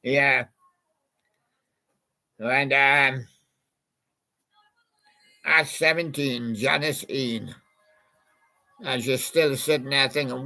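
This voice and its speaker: A man's voice: medium pitch, takes it slowly, creaky, pauses often, pushed and bright. A man in a rambling, casual monologue, reminiscing about old songs and chatting to a toy badger. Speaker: channel host.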